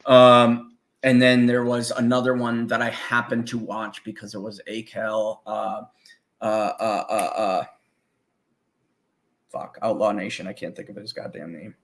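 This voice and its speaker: A man's voice: lowish voice, level tone, a little slow. A man chatting casually as a guest, rambling and swearing freely, laughing often. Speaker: guest musician. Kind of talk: casual profane chat.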